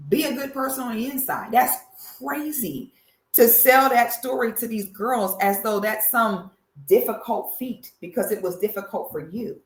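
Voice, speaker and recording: Sassy animated woman with an echoey sound. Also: on the high side. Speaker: commentary host. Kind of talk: reaction commentary.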